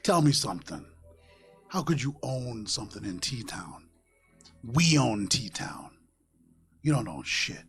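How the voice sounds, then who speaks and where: A man's voice: medium pitch, big pitch swings, takes it slowly, gravelly, pauses often, soft background music, pitched below the performer's own voice, full character voice. A man playing a sneering, menacing male gang boss who mocks newcomers. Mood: mocking. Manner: mocking, menacing.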